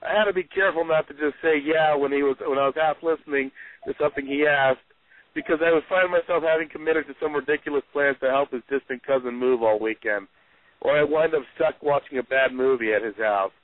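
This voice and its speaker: A man's voice: on the high side, a little fast, no echo. Male author guest, wry storyteller, phone-quality audio. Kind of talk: casual chat, reading aloud from his book. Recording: tinny phone-like, dry sound.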